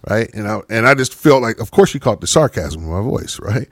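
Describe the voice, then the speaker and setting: A man's voice: fairly low pitch, fairly quick, no room sound, studio quality. A man co-hosting a podcast in casual chat, telling stories and checking in with "right?". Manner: storytelling, animated, repeats "right?". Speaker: podcast co-host.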